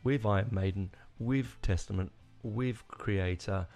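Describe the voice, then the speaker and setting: Gravelly man rambling enthusiastically. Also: lowish voice, a little slow, a little mellow, soft background music. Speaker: podcast host. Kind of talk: casual solo rambling.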